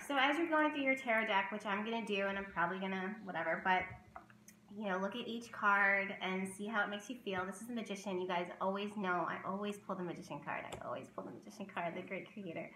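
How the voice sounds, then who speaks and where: A woman's voice: medium pitch, a little fast, sharp tone, roomy sound, rough recording. Woman chatting about tarot, gets teary, lots of um and you know, faint hiss behind. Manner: emotional, tearful at times, many fillers and restarts. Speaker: tarot reader and vlogger. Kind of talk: casual chat to camera.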